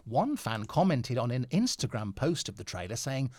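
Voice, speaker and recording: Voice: mid-range voice, sing-song, moderate pace, darkish tone, no room sound, studio quality. A radio host chatting casually on air, laughing often and restarting sentences.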